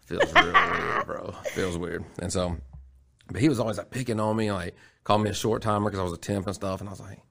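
A man rattles off a story at speed, crude and laughing as he goes. His voice is low and gravelly. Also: steady tone, very noisy. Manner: fast, laughing, crude, says "bro" and "dude". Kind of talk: casual storytelling chat.

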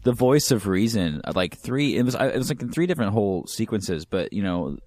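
A man hosting a podcast in casual chat, relaxed, leading each new topic. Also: on the low side, a little fast.

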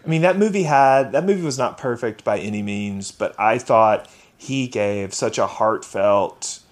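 Man, podcast guest, casual chat, gossipy, filler-heavy, mid-pitched. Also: unhurried. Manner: chatty, gossipy, full of fillers.

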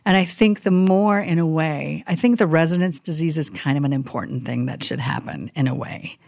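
A woman chaplain telling stories in a casual podcast interview, animated and acting out the people she quotes. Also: deep voice, moderate pace, vocal fry, no echo, studio quality. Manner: animated storyteller who acts out quoted people.

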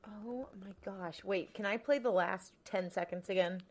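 A woman's voice: mid-range voice, measured pace, a little hiss or hum. A woman co-hosting a true-crime podcast, chatting casually and reacting with alarm. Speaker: podcast co-host.

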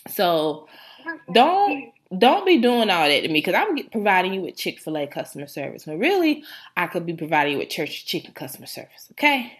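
Animated woman hosting a casual chat. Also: on the low side, a little fast. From Rochester, New York. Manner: animated storytelling with big laughs, joking put-on New York slang. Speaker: podcast host.

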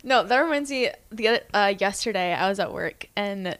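A woman's voice: medium pitch, a little fast, dry recording. A woman co-hosting a podcast in casual chat, retelling work stories and imitating the people in them. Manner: expressive, mimics people in her stories. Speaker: podcast co-host.

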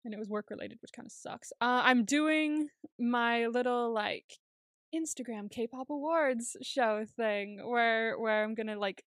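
Young woman podcast cohost, kinda high voice, dry close sound, laughs a lot while telling stories. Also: measured pace, a bit bright, clear, resonant tone, no echo. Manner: chatty storytelling, laughs often, acts out quotes. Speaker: podcast co-host. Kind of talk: casual chat.

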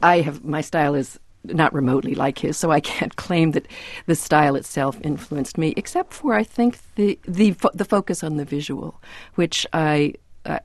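A woman's voice: sits low, a little mellow, dry recording, studio quality. A woman novelist on a radio panel, speaking thoughtfully with restarts and small laughs, and reading a prose passage aloud. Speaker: novelist guest.

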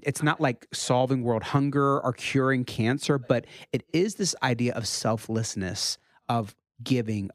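A man in his thirties, a pastor, telling a story in casual chat, his voice rising high when he quotes his children. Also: no room sound, clean studio sound. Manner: animated, rises high when quoting his kids.

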